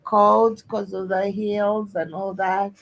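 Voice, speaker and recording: A woman from Africa, a guest on a talk show, giving brief, soft-spoken replies in casual chat. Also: mid-range voice, flat delivery, takes it slowly, a little hiss or hum, rough recording.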